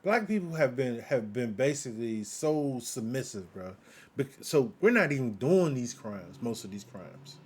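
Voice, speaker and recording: An American man holds forth in a live audio chat room at a middling pitch. He talks in emphatic, repetitive bursts and keeps throwing rhetorical questions at the listeners. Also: very animated, normal speed, breathy edge. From United States. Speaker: guest commentator.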